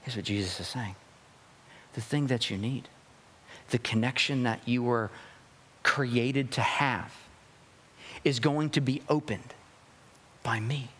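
A man's voice: mid-range voice, slow, long pauses, fairly bright tone, breathy edge, long reverb tail. A man pastor giving a sermon, reading scripture and preaching with emphatic rises and drops.

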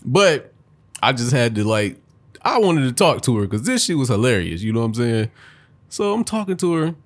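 A man tells a story on a casual podcast. He is animated and laughs often as he talks. He swears freely. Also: medium pitch, normal speed. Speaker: podcast co-host.

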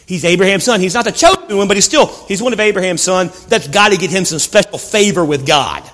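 A man preaching a sermon, telling a story with passion and swinging from hushed lines to loud ones. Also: sits high, expressive, fast talker. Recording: reverberant hall sound.

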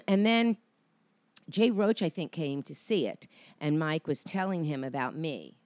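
Actress guest, low and dry, rambling storyteller full of ums and restarts. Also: female voice, animated, a little slow, a little mellow, no echo. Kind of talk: casual interview storytelling.

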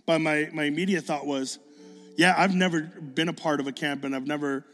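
Man, preacher, storytelling sermon, fairly high voice, long hall reverb, faint music underneath. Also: a little fast. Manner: animated, acts out dialogue, builds to excited bursts.

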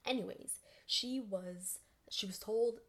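A woman's voice: mid-range voice, takes it slowly. A woman hosting a podcast, telling a story in a casual, chatty way and acting out quoted voices. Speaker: podcast host.

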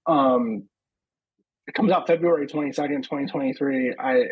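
A man's voice: medium pitch, moderate pace, muffled recording. A man co-hosting a podcast in casual chat, offhand and full of fillers as he reads out news items.

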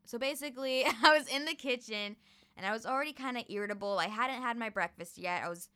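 A young woman telling a story in a casual chat, animated and laughing often. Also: fairly high pitch, quick pace.

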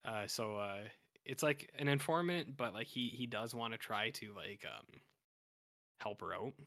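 A man's voice: medium pitch, a little slow, fairly bright tone, no echo, studio quality. A man co-hosting a podcast, casually recapping an episode in a rambling way, full of fillers and restarts. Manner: rambling, filler-heavy storytelling. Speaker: podcast co-host.

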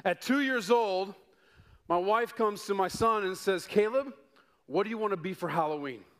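A middle-aged male pastor from Denver delivers a sermon in a fairly high voice. He spins personal stories with playful asides and builds to excited peaks before dropping low for emphasis. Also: moderate pace. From Denver, United States. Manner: animated storytelling with rising excitement and playful asides.

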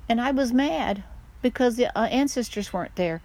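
An older woman, a mother, chatting casually and telling stories in a lively way, often laughing. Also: fairly high pitch, moderate pace. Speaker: guest, mother. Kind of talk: casual chat.

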